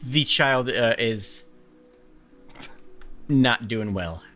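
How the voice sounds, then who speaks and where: A man acting as game master, describing scenes in a measured, laid-back way and laughing easily. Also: medium pitch, lively intonation, bright, forceful tone, faint music behind. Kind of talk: narrating a tabletop game.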